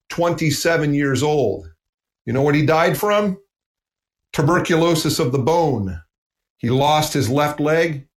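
Earnest preacher man in an echoey room. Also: fairly high pitch. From United States. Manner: earnest, emphatic, repeats phrases for stress. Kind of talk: sermon.

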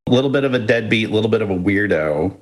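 A man co-hosting a casual podcast, speaking with a lowish voice that swings widely in pitch. He tells stories in a playful way and chuckles often. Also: rapid-fire. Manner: playful, lively storytelling with chuckles. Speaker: podcast co-host.

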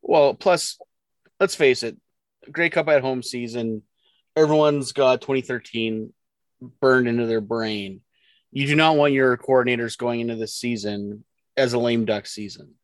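A man's voice: medium pitch, a little slow, dry recording. A man co-hosting a sports podcast, blunt and joking, acting out quotes as he talks. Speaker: podcast co-host. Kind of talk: casual sports chat.

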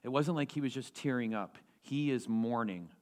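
A male pastor delivering a sermon in an animated way, using rhetorical questions and repeating key phrases for emphasis. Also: mid-range voice, normal speed.

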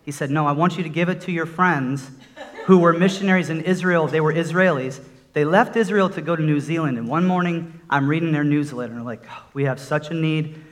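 A middle-aged man delivering a sermon built on a personal testimony. His voice sits a little high for a man, and he tells his story earnestly before pressing hard on the listeners. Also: fairly quick. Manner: earnest storytelling, rising to emphatic exhortation. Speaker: preacher.

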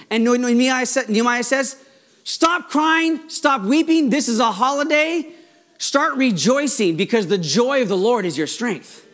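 A male pastor delivering a Sunday sermon, with a light, high-pitched voice. He gets excited and rushes ahead, restarting phrases as he goes. His delivery is informal and earnest. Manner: excitable, talks fast when excited, frequent restarts.

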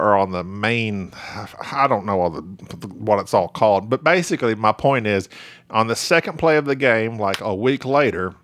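A man's voice: medium pitch, fairly bright tone, no echo. A man with a Southern US accent co-hosting a casual chat, rambling and laughing often. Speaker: podcast co-host.

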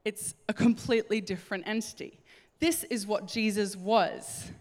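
A woman preaching a sermon, telling a Bible story in an animated way and acting out the voices. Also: medium pitch, moderate pace. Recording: hall reverb.

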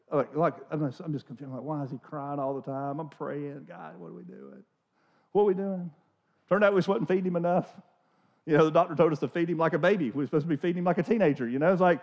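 A man in his forties preaching a sermon as a pastor, telling stories in an animated, conversational way with many restarts. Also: high voice. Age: 40s. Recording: dull lo-fi recording.

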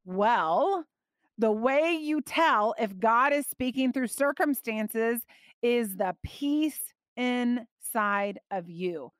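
Animated woman teaching scripture. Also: a little high, very slow, smooth, dry recording, studio quality. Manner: animated, emphatic, laughs often. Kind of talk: bible teaching.

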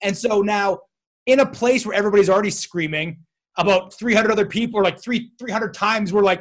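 A man's voice: high voice, fairly quick. A man hosting a casual interview podcast, telling stories with animation and frequent laughter. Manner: animated storyteller, laughs often. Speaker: podcast host.

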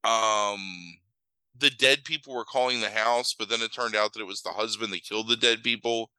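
A man chats his way through a bad movie's plot, full of fillers and casual swearing. His voice is bright and forward. It is recorded close and dry, with no room around it. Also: fairly low pitch, fairly even intonation, clean tone, no room sound, poor audio. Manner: rambling, acts out scenes in quick mock voices; swears freely, lots of fillers. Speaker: podcast host. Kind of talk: casual movie recap chat.

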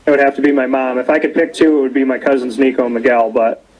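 A young man hosting a casual interview show, telling stories with animated quoting. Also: medium pitch, quick pace, dull audio. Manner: lively storyteller, animated quoting. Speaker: show host. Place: cold rink-side spot, outdoors or arena.

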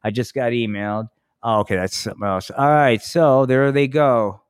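A man's voice: medium pitch, steady tone, moderate pace, smooth, no room sound. A man hosting a live comedy podcast, rambling and laid-back with lots of swearing. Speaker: podcast host. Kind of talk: casual live podcast chat.

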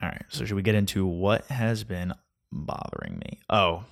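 A man's voice: low voice, very animated, normal speed, creaky. A man in his twenties ranting casually about his weekend in a sarcastic, mocking way, with many fillers. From New Jersey. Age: 20s. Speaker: vlogger.

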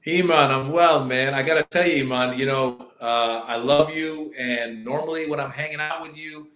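A man's voice: mid-range voice, moderate pace, reverberant. A man being interviewed as a guest over a video call, joking and affectionate with the host. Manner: joking, affectionate, deadpan teasing. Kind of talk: casual online interview.

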